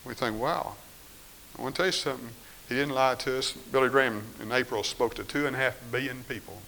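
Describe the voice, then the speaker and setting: A man preaching a sermon, reading scripture and moving between quiet firm statements and raised, pleading voices. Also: medium pitch, fairly even intonation, fast talker, gravelly, slight background noise, low-quality recording.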